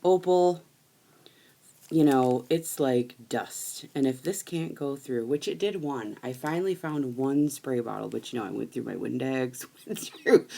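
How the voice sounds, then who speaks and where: A woman's voice: low voice, poor audio. A woman hosting a live crafting stream, chatting bluntly with viewers and laughing often as she works. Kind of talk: casual chat while crafting.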